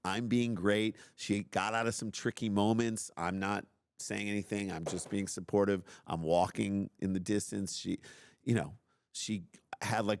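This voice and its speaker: A middle-aged man hosting a podcast, telling a personal story in an animated, self-deprecating way and acting out his own outbursts. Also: low voice, gravelly, no echo, studio quality. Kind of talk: casual storytelling.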